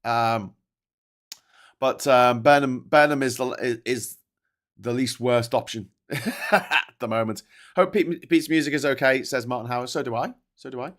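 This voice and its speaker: A man with a posh Scouse accent hosts a casual political live stream. His voice sits at an ordinary middle pitch. He rambles and swears freely, keeps restarting his sentences, and breaks off to read and answer messages from his chat. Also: measured pace, long pauses, fairly bright tone. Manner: rambling, sweary, stop-start with many restarts. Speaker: political livestream host.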